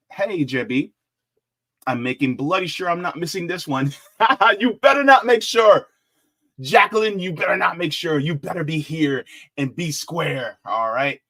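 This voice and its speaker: A man hosting a live-stream politics show, chatting casually, animated and jokey as he reads out the chat. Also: mid-range voice.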